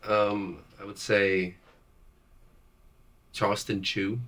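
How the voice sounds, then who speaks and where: A man from New York, a musician, chatting as a guest on a comedy interview show in a relaxed, playful way. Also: fairly low pitch, slow. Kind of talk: casual comedic chat.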